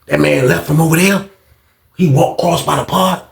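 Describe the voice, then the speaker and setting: A man telling a story in a casual, animated, slangy and profane way. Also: fairly high pitch, normal speed, vocal fry, reverberant.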